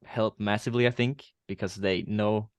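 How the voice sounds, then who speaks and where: A man from Denmark with a Danish accent, a guest fan chatting casually, relaxed and hesitant with fillers. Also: fairly low pitch, normal speed, no room sound. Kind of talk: casual chat.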